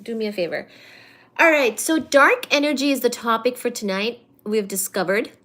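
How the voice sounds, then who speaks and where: Woman livestreaming study chat from home, kinda high voice, lots of ums and uhs, chatty, coos at her cat. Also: normal speed, a bit bright. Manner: chatty, many fillers, coos baby talk to her cat. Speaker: livestream host. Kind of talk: casual live study stream. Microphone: computer mic during a livestream.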